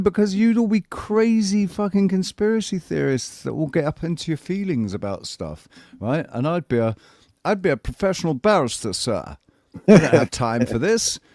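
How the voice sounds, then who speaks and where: A man's voice: a little high, sing-song, normal speed, a little mellow, no room sound, studio quality, pitched above the performer's own voice. A man voicing a snooty, posh male barrister who speaks in a clipped, haughty way.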